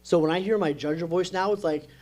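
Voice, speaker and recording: An energetic man talking on a podcast, explaining ideas with frequent "right?" checks. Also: high-pitched, fast talker. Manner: energetic, repeats "right?" often. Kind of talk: podcast conversation.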